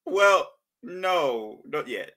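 A man's voice: fairly high pitch, extremely slow, background noise. A man hosting a quiz on a casual podcast, teasing the others and laughing easily. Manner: lively, teasing, laughs often. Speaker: quiz host. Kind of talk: casual banter.

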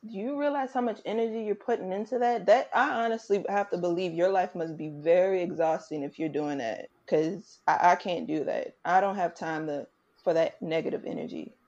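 Low mellow woman, muffled recording. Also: moderate pace. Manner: indignant storytelling. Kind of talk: candid conversation. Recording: muffled lo-fi audio.

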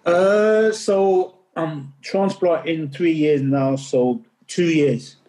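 A man's voice: on the high side, extremely slow, warm tone, poor audio. A middle-aged man, a podcast guest, tells a personal story in earnest and often repeats words as he recalls it. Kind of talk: candid interview storytelling.

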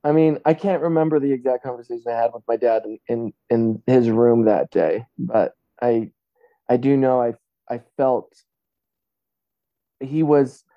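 A man hosting a conversation, reflective and halting, restarting his sentences as he thinks aloud. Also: mid-range voice, no room sound, highs cut off.

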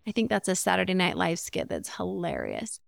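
A woman's voice: lowish voice, huge pitch swings, a little fast, gravelly, dry recording, clean studio sound. A woman hosting a relationship podcast, talking earnestly and in a teaching way, now and then acting out sample phrases. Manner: earnest, instructive, acts out example phrases. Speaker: podcast host. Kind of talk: relationship advice podcast monologue.

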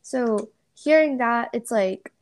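A woman's voice: a little high, slow. Hesitant young woman podcast host. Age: young adult. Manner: hesitant, many ums and likes. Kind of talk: casual interview chat.

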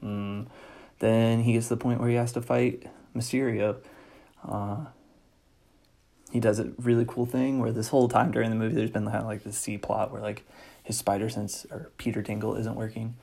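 A man's voice: on the low side, level tone, normal speed, gravelly, mellow. A man casually recapping a movie, enthusiastic and rambling, with lots of fillers. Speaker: movie reviewer.

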